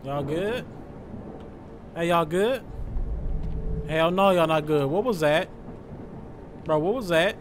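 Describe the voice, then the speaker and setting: A young man giving joking, loud let's-play commentary, full of slang as he reacts to the game. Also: on the high side, slow pace, long pauses, slight background noise. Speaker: gaming streamer.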